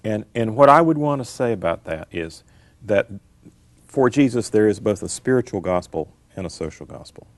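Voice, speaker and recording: Gravelly emphatic male scholar. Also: lowish voice, animated, normal speed, no room sound. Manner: emphatic, lecturing, repeats key phrases. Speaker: guest scholar. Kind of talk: explanatory interview answers.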